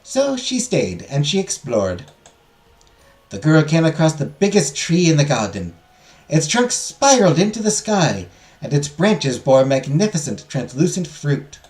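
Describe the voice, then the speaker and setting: A man's voice: very animated, unhurried, a little mellow. A man playing a theatrical female teacher. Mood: storytelling. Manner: dramatic storytelling lilt, pitch swooping up. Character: female magical history teacher, grandly theatrical. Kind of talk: reading visual novel lines aloud.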